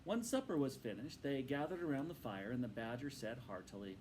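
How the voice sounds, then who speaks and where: A man reading a storybook aloud to his students in a patient, instructive and expressive way. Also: medium pitch, a little fast, few pauses, slight background noise, poor audio.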